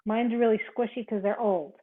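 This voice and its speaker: A woman with a slightly high voice and fairly even intonation teaches a live online yoga session at normal speed. She counts repetitions, gives quick cues, and chats with her class, all over tinny video-call audio.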